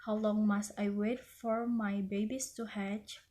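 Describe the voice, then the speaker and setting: A woman's voice: medium pitch, little pitch movement, measured pace, warm tone, natural voice. A woman voicing a caring but stern mother duck in a children's storybook. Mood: weary. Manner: motherly, firm.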